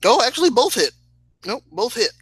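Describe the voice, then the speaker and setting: A man narrating as game master of a tabletop game, speaking slowly with hesitant fillers and laughing at his own slips. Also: very high voice, sing-song, a bit bright, slightly rough, low-quality recording. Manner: slow, hesitant, laughs at himself.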